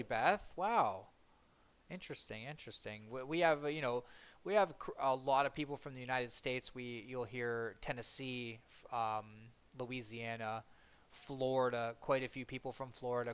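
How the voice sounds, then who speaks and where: A man's voice: medium pitch, normal speed, fairly bright tone, clear, resonant tone. A man from Ontario streaming a game, chatting casually and rambling while he answers viewers' comments. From Ontario, Canada. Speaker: gaming streamer. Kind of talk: casual chat with live chat while gaming.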